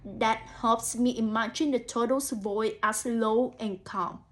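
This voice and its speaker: A woman's voice: on the high side, steady tone, unhurried, a bit bright. Encouraging young woman reading to children. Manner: encouraging, frequent 'so' and 'mm', addresses imagined children. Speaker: student teacher. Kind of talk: picture-book read-aloud with think-aloud commentary.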